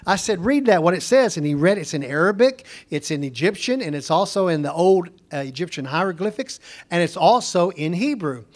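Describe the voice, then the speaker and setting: High-voiced man telling a lively Bible-lesson story. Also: a little fast. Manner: animated storyteller acting out both sides of a dialogue. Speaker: Bible teacher and home missionary. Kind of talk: Bible lesson told as an anecdote.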